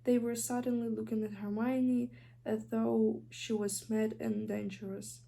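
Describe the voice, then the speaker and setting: A woman's voice: on the high side, level tone, unhurried, creaky, dark tone. Young Ukrainian-accented woman reading aloud. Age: young adult. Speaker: student reader. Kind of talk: audiobook reading.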